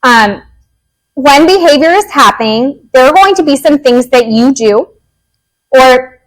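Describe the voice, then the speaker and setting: High-voiced woman giving a lively workshop. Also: rough recording. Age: adult parent. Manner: lively, joking, acts out quick quotes. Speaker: behavior analyst presenter. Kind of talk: parent workshop talk.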